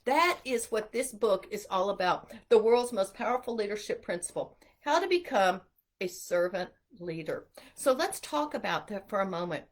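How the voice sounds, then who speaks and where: A middle-aged woman giving an earnest, animated inspirational talk to mothers about homeschooling. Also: mid-range voice. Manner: animated, earnest, acts out quotes. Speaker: homeschool speaker.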